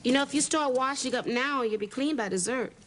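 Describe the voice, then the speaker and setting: A woman's voice: high-pitched, brisk, very noisy, close to an everyday voice. An actress playing a wisecracking woman who runs the household, trading sarcastic one-liners in 1980s sitcom style.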